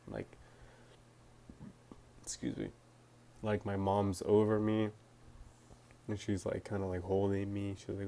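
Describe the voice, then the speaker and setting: A man's voice: on the low side, level tone, unhurried, gravelly, long pauses, warm tone, a little hiss or hum. A young man answering viewer questions to his phone camera, talking hesitantly with lots of fillers and restarts. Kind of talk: casual talk to camera.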